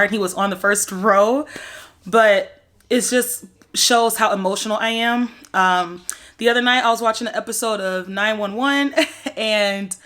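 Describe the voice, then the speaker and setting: A woman's voice: medium pitch, a bit bright. A young woman chatting casually to camera at home, rambling with lots of fillers. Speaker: vlogger sharing pregnancy updates. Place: at home in her bedroom.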